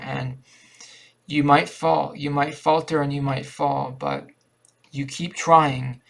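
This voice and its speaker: Earnest man with a flat, gravelly voice. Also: mid-range voice. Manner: repetitive, earnest, halting with restarts. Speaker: vlogger. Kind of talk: rambling personal monologue.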